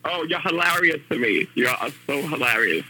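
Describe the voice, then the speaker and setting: A man with a New York accent calls in to a radio show. His voice is husky and very bright, and he sounds relaxed, laughing along with the hosts. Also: fairly high pitch, normal speed, rough recording. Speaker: radio caller. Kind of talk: casual phone-in chat.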